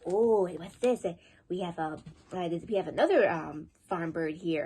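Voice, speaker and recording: Lady librarian doing storytime for little kids, breathy voice, bouncy singsong. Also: on the low side, animated, warm tone. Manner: sing-song, encouraging, teaching words slowly. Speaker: children's librarian. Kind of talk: children's storytime reading.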